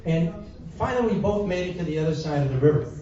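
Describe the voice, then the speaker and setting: A man's voice: on the high side, lively intonation, fast talker, dark tone, a little hiss or hum. A man, a songwriter and society president, telling rambling anecdotes to a live audience between songs. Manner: chatty, rambling anecdotes with fillers and audience asides. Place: community hall with live audience. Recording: far-off, echoey, dull hall recording.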